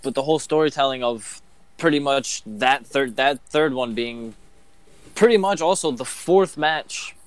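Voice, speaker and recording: Steady male podcast guest, dry sound. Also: mid-range voice, a little slow, smooth, no echo. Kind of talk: casual wrestling chat.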